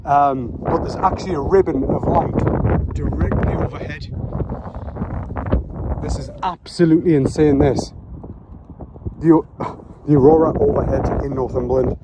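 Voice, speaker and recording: A man talking into his phone camera outdoors at night, breathless, excited and rambling. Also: a little high, normal speed, pauses often. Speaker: landscape photographer vlogger. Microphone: phone camera held by hand. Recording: heavy wind noise on phone mic. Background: loud wind.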